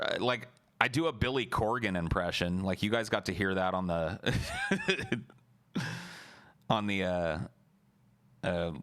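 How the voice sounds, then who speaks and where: A man's voice: deep voice, a bit bright, no room sound. A man hosting a casual late-night live stream, talking loosely and profanely with frequent restarts.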